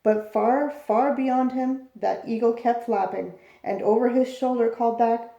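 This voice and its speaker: A woman reads a rhyming picture book aloud at bedtime, keeping a steady rhythmic cadence. Her voice is mellow with a gravelly edge, and the room adds a noticeable echo. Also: a little high, measured pace, few pauses, lo-fi sound. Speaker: storyteller. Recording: echoey room.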